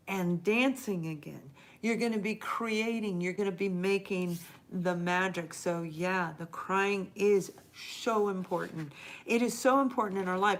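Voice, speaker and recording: A middle-aged woman giving a live tarot reading as host, talking earnestly and encouragingly straight to her viewers and stretching out the words she stresses. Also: mid-range voice.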